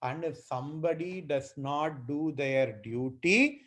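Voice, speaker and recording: High-voiced, slow-talking male teacher. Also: lively intonation, a bit bright. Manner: explains patiently with everyday examples, repeating key words. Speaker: spiritual teacher. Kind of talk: scripture commentary lecture.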